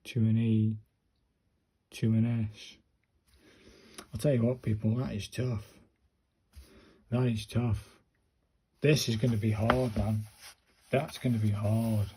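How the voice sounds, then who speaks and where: A man slowly talking his viewers through handwriting practice, muttering each stroke as he writes. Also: on the low side, level tone, mellow, a little hiss or hum. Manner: slow, muttering step-by-step to himself and viewers. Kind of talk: casual narrated handwriting practice.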